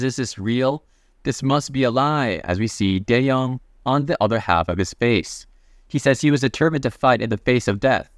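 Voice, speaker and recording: A man's voice: medium pitch, dry recording, clean studio sound. A man narrating a comic recap in a casual, chatty way, reading the characters' lines in his own voice. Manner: reads character quotes in his plain voice, chatty asides.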